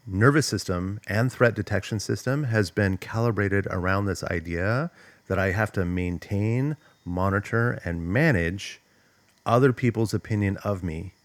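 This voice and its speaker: Middle-aged male host, very low voice, emphatic casual delivery, dry room. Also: no echo. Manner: emphatic, conversational, frequent "like" and "right?". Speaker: host, trauma coach. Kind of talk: solo talk to camera.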